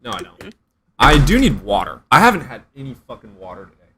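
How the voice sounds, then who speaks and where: A man hosting a casual livestream, reading chat aloud, excitable and quick to swear with loud outbursts. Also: mid-range voice.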